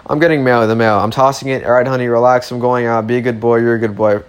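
A man's voice: mid-range voice, steady tone, fast, clear, resonant tone, close to an everyday voice. A man voicing a doting, easygoing mother. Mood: breezy.

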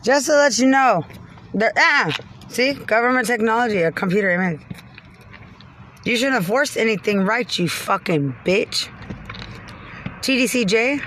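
High-pitched woman, agitated profane rant, rambling, recorded in her car. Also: lively intonation, moderate pace, pauses often, fairly bright tone, slight background noise. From Texas.

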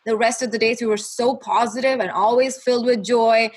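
A young adult woman telling an emotional personal faith testimony in a halting, earnest way, with many restarts. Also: on the high side, steady tone, breathy edge. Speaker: guest sharing her testimony.

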